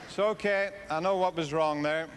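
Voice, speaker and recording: A man's voice: on the high side, normal speed. A man with an Irish accent doing live stand-up between snooker trick shots, chatty and self-mocking with the crowd. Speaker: comedian and snooker trick-shot entertainer. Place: live stage show before an audience. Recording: noisy live 1990s video recording.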